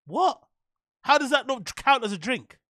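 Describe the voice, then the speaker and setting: A man reacting to clips and thanking donors on a casual live stream, animated and swearing freely. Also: very high-pitched, unhurried, dry recording, clean studio sound. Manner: animated, swearing, loud shout-outs.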